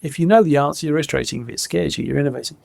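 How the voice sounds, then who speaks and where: A middle-aged man tells stories with real energy, laughing along and slipping into the people he quotes. His voice sits a little high with a gravelly fry, recorded dry and close. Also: rapid-fire, no echo. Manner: lively, laughs often, acts out quotes. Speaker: guest, former innovation head. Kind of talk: animated anecdotal storytelling.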